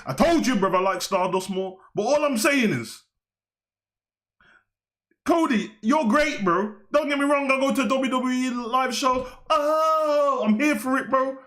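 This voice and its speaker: High-voiced man ranting. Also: measured pace, a bit bright. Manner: slangy, heated, rambling rant. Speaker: wrestling show host. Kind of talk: ranting casual commentary.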